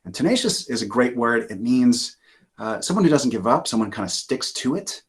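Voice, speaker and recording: A man's voice: medium pitch, moderate pace. A man from Maine, a children's author, reading his picture book aloud over a video call in a chatty way. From Maine, USA. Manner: animated, chatty with many fillers.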